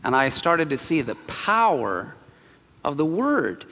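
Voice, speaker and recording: Animated preacher man in a reverberant hall. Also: fairly high pitch, slow. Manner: animated storytelling, jumps between quiet and loud. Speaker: pastor. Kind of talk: sermon with personal story.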